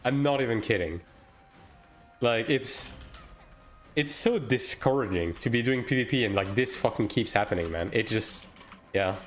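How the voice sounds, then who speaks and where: A man's voice: mid-range voice, animated, normal speed, long pauses, faint music behind. A man streaming a game live, talking casually and swearing as he chats with viewers. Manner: casual, profane, talks to chat while playing. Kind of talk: live-stream gaming commentary.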